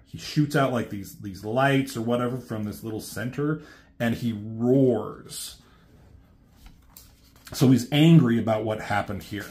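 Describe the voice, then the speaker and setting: Rambling, offhand man retelling a cartoon. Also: medium pitch. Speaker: reviewer. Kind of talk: casual plot retelling.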